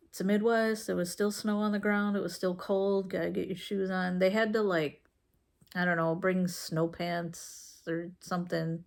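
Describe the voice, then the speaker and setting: A woman vlogger telling a personal story about her son in a casual, frank way, with halting fillers and restarts. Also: on the low side, steady tone. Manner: frank and conversational. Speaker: mom vlogger.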